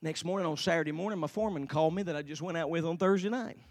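A preacher in his forties giving a sermon, telling his own story and swinging from quiet storytelling to slow, shouted fervor. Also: on the high side. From Tennessee. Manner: shouts and slows down in the fervent parts, quiet and fast in the storytelling.

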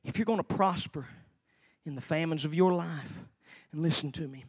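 A preacher in his forties giving a sermon, telling his own story and swinging from quiet storytelling to slow, shouted fervor. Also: fairly high pitch, breathy edge. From Tennessee. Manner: shouts and slows down in the fervent parts, quiet and fast in the storytelling.

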